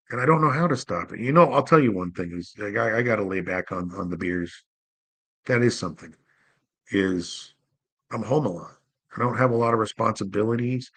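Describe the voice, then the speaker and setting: A man's voice: mid-range voice, a bit bright, no room sound, low-quality recording. Rambling, candid man hosting a solo show. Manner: rambling, candid and self-deprecating, full of "you know"; swears casually. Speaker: host. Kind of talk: casual solo livestream monologue.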